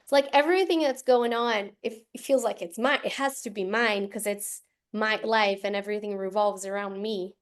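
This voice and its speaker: A woman's voice: mid-range voice, steady tone, normal speed. A woman taking part in a class, sharing her thoughts hesitantly and searching for words. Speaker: class participant.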